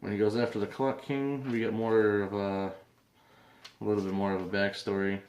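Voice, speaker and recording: A man's voice: lowish voice, level tone, moderate pace, darkish tone, a little hiss or hum. A young man hosting a casual comic book review vlog, rambling with lots of fillers and restarts. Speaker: comic book video host. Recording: roomy echo.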